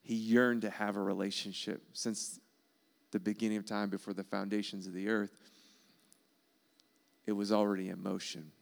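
A man's voice: fairly low pitch, flat delivery, normal speed, creaky. A man preaching a sermon in an earnest, emphatic way, repeating key phrases. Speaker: pastor.

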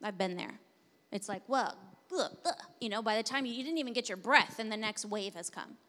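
A woman pastor preaching a sermon, moving between hushed, intimate passages and loud, forceful declarations. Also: medium pitch, fast. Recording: long hall reverb.

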